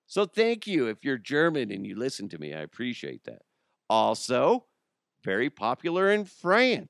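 Joking podcast host, smooth dry voice. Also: male voice, mid-range voice, huge pitch swings, normal speed, a bit bright, no room sound. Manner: joking, rambling, self-mocking. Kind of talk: casual solo podcast talk.

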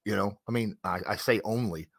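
Low-voiced man citing football stats. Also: a little fast, gravelly, no echo, studio quality. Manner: leads the talk, cites stats. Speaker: host. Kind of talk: casual sports talk.

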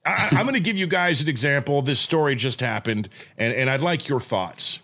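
Male podcast host, forties, lively storyteller who acts out voices. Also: medium pitch, normal speed. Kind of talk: casual chat.

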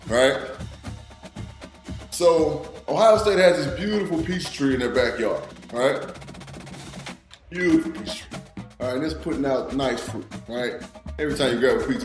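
A man co-hosting a casual sports talk show, animated and profane, often adding "you know what I'm saying". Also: mid-range voice, echoey room. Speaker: podcast co-host.

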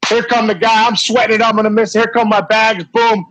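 A middle-aged man with a high, husky voice tells a story casually, full of restarts and laughter. He sounds lively and animated as he goes. The recording is dry and close. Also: brisk, no room sound, poor audio. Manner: animated, laughing anecdote teller with many restarts. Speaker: former ballplayer guest.

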